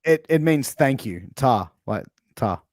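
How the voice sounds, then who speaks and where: A man with an Australian accent hosts a casual podcast chat. He quizzes his guest in a playful way and gives sample sentences. His voice sits at a middle pitch and sounds dry and close. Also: expressive, unhurried, a little mellow, no room sound. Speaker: podcast host. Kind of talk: casual interview game.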